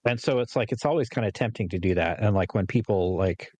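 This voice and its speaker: A man's voice: fairly low pitch, fast, darkish tone, dry recording. A man in his forties from California, co-hosting a podcast in a rambling casual chat full of fillers and laughs. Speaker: podcast co-host.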